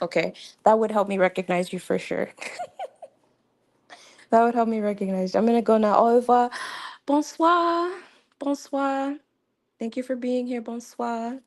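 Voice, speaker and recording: A woman's voice: on the high side, mellow. A young woman hosting a casual livestream, chatty and laughing often, with many fillers. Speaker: livestream host.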